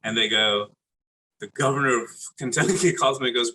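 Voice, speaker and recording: A man in his late forties from Brooklyn, a chef telling animated stories as an interview guest, laughing and acting out other people's voices with many restarts. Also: medium pitch, moderate pace, rough recording. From Brooklyn, New York. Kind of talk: casual interview storytelling.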